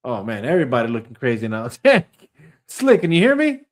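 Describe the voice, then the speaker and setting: A man's voice: mid-range voice, wildly swooping pitch, a little fast. A man hosting a casual podcast chat over a video call, laughing often and joking around. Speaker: podcast host.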